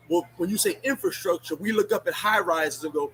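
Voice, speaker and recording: A man's voice: high-pitched, quick pace, hardly any pauses, a bit bright, slightly rough, faint music behind, low-quality recording. A man hosting a casual livestream, ranting bluntly and sarcastically, shifting into chatting with viewers. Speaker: livestream host. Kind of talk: casual live-stream rant.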